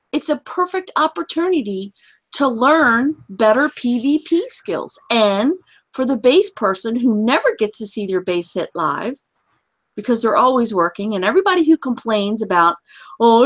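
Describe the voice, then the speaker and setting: A woman with a high, fairly bright voice rants to her audience like a gaming host, blunt and heated. She speaks directly to listeners in casual language laced with profanity.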